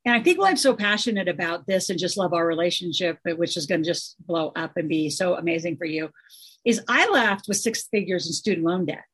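A middle-aged woman speaking as a guest in a casual interview, emphatic and animated, full of fillers. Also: on the low side, fairly quick, breathy edge. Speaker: guest, financial educator.

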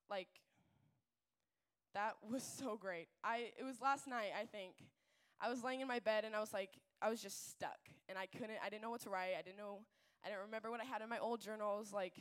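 A young woman speaks at a youth gathering in a casual, filler-heavy way, drifting into lively asides. Her voice sits a bit high and comes across smooth and resonant. She tells stories more than she preaches. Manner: chatty, filler-heavy, animated storytelling. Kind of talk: casual faith talk.

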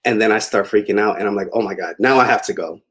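A young man with a slightly low voice tells a personal story in a relaxed, rambling way. He keeps it casual and conversational, with plenty of filler words. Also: fast talker, husky. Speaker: interview guest.

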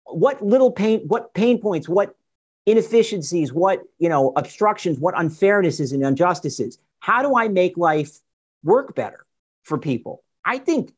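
A man appears as a guest author in a political discussion, speaking animatedly, firing off rhetorical questions and frequently restarting his sentences. His voice sits high, is husky, and moves a little slowly.

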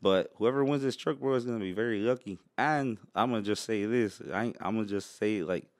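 A man's voice: lowish voice, fairly quick, no echo, studio quality. A man chatting casually as a podcast guest, laid-back, swearing and laughing often. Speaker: podcast guest, truck brand owner. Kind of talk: casual chat.

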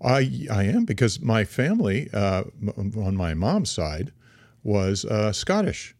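Older male podcast co-host, halting casual delivery, dry studio mic. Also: fairly low pitch, sing-song, a little mellow, no echo. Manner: hesitant, many fillers and restarts, playful teasing. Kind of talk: casual chat. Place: small home studio. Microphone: studio microphone.

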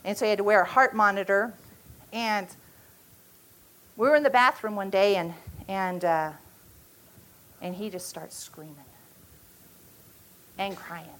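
A woman in her forties teaching at a church retreat, speaking earnestly with halting restarts and an emotional storytelling manner. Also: medium pitch, fairly even intonation, fairly bright tone, rough recording.

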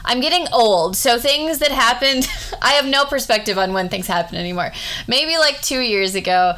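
Bright, smooth-voiced woman principal. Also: fairly high pitch, normal speed. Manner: heartfelt, rambling with restarts. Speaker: school principal. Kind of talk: casual conversation.

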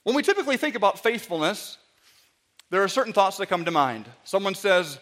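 A man preaching a sermon, telling a parable with lively storytelling and frequent stammered repeats. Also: high-pitched, brisk.

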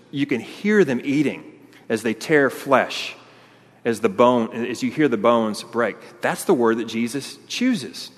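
A pastor, preaching an animated sermon and acting out the crowd's voices. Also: male voice, medium pitch. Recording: long hall reverb.

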